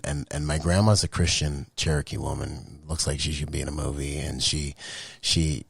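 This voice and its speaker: A man with an extremely deep, gravelly voice tells a personal story. His tone is husky and raw, heard up close in a dry space. He surges with emotion and often restarts his sentences. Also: dry recording. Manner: emotional, animated retelling with many restarts. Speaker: podcast guest, Marine veteran. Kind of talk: casual storytelling.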